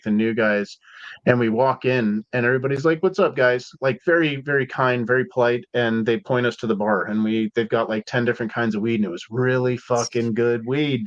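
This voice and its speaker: Telling casual stories as a podcast guest, this Seattle man speaks in a mid-range voice and keeps dropping "like" and "dude." He's laid-back and slangy. The recording is dull and dry with no room sound.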